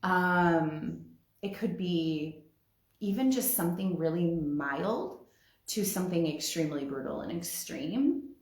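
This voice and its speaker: A woman giving a reflective spiritual talk, speaking softly and from the heart, with a tender, emotional edge. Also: on the low side, animated, roomy sound. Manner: slow, soft and heartfelt, growing emotional.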